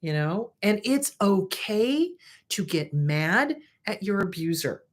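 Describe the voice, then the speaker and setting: A woman's voice: mid-range voice, slow pace. Frank, emphatic woman therapist. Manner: frank, emphatic, animated, playful asides. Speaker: therapist host. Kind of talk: casual advice talk to camera.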